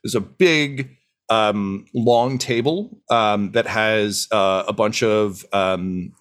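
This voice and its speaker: A man's voice: lowish voice, takes it slowly, fairly bright tone. A man running a tabletop game as game master, narrating with many hesitations and fillers.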